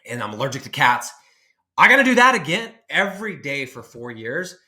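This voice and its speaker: A man's voice: on the high side, sing-song, fairly quick, pushed and bright. A man in his thirties giving an emphatic, rambling motivational talk to camera, with many restarts. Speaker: online business coach.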